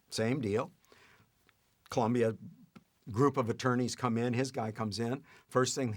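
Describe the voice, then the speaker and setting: An older man telling a family anecdote in a lively way, chuckling as he goes. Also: mid-range voice. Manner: lively retelling with acted-out quotes and chuckles. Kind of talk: anecdotal storytelling.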